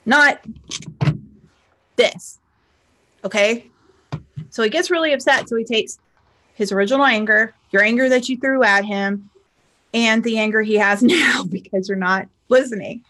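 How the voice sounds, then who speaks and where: A woman's voice: a little high, unhurried, long pauses. Chatty woman teaching to camera. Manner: chatty, animated, frequent "okay?" check-ins, acts out arguments. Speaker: spiritual teacher and life coach.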